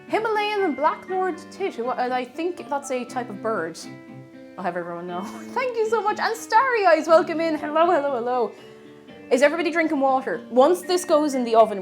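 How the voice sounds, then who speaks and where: Brief: Irish woman streamer, high and animated, chatty and giggly, soft music behind. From Ireland. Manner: chatty, laughs often, thanks viewers by name. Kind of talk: casual live-stream cooking chat.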